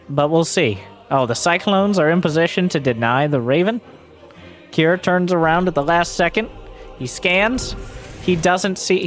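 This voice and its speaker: A man giving solo play-by-play commentary on a strategy game, getting excitable and shouting when fights break out. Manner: excitable, voice jumps high and shouts during fights. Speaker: esports caster.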